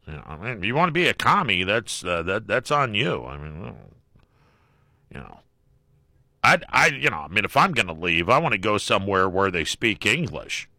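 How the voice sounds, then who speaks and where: A middle-aged male radio host with a bright, forward voice and lively swings in pitch. He talks wryly and casually, scattering fillers as he jokes. The sound is close and dry, straight into a studio mic. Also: normal speed, no room sound. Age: middle-aged or older. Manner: wry, joking, with frequent fillers. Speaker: radio talk show host. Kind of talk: call-in talk radio. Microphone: studio microphone.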